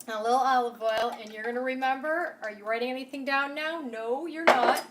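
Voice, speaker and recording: A chatty woman with a bright, fairly high voice hosts a cooking demonstration in her home kitchen. She sits a little back from the camera mic, and sizzling pans and clattering utensils are clearly heard behind her. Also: a little fast, distant mic, noisy background. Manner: chatty and enthusiastic, talks straight to the viewer. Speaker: home cooking show host.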